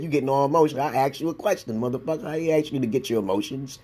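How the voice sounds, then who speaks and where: A man's voice: medium pitch, racing, hardly any pauses, darkish tone. A man in his forties with a New York accent, ranting bluntly in a rambling response video, full of profanity and repeated "okay?". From Brooklyn, New York. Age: 40s. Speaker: YouTube commentator. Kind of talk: casual response-video rant.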